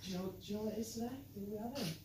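A man's voice: high voice, steady tone, rapid-fire. A man from Chester playing a carer in an improvised role-play, chatty and upbeat with plenty of fillers. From Chester, England. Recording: echoey room from far off, noisy.

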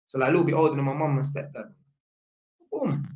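A man telling a story in a casual, animated way, full of street slang and tag questions. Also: a little high, quick pace. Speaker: vlogger. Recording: echoey room, dull lo-fi sound.

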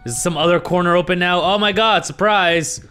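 A young man commenting on a horror game he is playing, sarcastic and swearing, jumping between low mutters and startled yelps. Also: moderate pace, pushed and bright. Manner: jumpy, sarcastic and profane, swinging from muttering to yelps. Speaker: gaming video host. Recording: faint music behind the voice.

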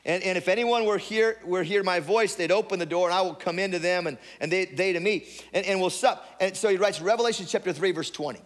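A man preaches a Sunday sermon in a high voice, talking loosely and often restarting his phrases. His words ring out with a long reverb across a church sanctuary. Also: fairly quick, few pauses. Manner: repetitive restarts, conversational preaching. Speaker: pastor.

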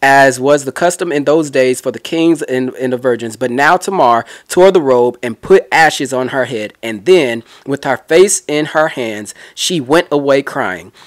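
A man's voice: mid-range voice, a little slow, hardly any pauses, dry recording, clean studio sound. A man giving a casual Bible teaching, retelling scripture in a chatty, slangy way with asides.

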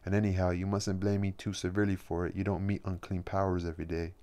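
A bold young woman, reckless and eager, as a male reader voices her. The voice stays very low and fairly flat, with no attempt at a high register. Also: fast talker, close to an everyday voice. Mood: wry.

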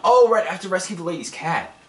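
A man's voice: high voice, animated, quick pace. A man giving casual, rambling gameplay commentary as a let's play host, impatient and wisecracking. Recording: echoey room, game music behind.

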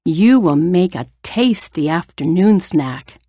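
A woman voicing a proud male lion, the king of the jungle, in a slow, lowered storybook voice. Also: lively intonation, mellow, slightly rough, no room sound, clean studio sound, exaggerated voice.

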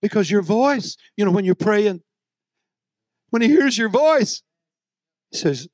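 A man preaching a sermon, moving between soft, low storytelling and loud, shouted exhortation. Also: expressive, a little slow, long pauses, no echo, studio quality.

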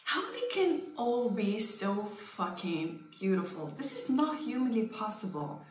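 A woman's voice: fairly high pitch, measured pace, distant mic, slight background noise. A woman hosting a reaction video, gushing and laughing as she comments casually. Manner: giggly, gushing and excitable. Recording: roomy sound with loud background music.

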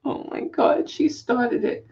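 A woman's voice: takes it slowly, a little mellow, lo-fi sound. A woman hosting a live auction stream, laughing through her words. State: laughing to tears. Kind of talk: live selling stream chat.

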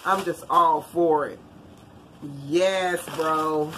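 A woman's voice: sits low, normal speed, slight background noise. A woman vlogger chatting casually while unboxing gifts, a bit congested and tiring easily. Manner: chatty, animated, Southern-style "y'all" talk.

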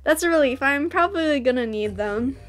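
A woman reading the lines of a nervous, earnest young man about to marry, in a soft, hesitant manner. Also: high voice, lively intonation, fairly quick, faint music behind.

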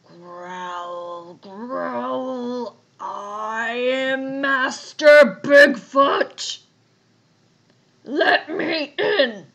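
A woman voicing a huge male bear with a deep, growly voice that booms out slowly. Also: a bit bright, full character voice. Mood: booming. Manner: slow, booming growl.

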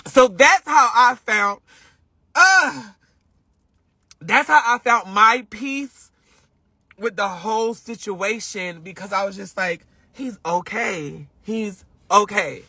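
A young woman talks on her live stream in a high, bright voice. She is emotional and rambling, circling back and repeating lines. Her tone is a little husky, with a dry, close sound. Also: animated, takes it slowly, long pauses, no echo. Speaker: livestream host. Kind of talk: casual live-stream storytelling.

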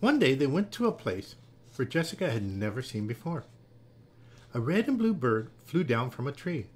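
A man gently and expressively reading a children's picture book aloud. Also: medium pitch, sing-song, moderate pace, breathy edge. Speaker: storyteller.

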